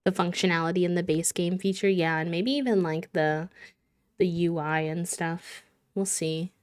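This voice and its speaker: A woman's voice: lowish voice, steady tone, moderate pace, clear, resonant tone. Giggly woman streaming a game. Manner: chatty and giggly, coos fondly at the characters. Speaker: live streamer. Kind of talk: casual chat while playing a life-sim game.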